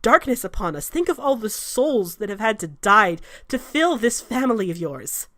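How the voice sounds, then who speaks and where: A stern elf midwife, cold and reproachful, hisses her accusations in a tabletop role-play, put on by a woman running the game. She speaks with a mid-pitched female voice. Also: sing-song, moderate pace, no echo, studio quality. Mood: cold scolding. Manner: cold, scolding, hushed.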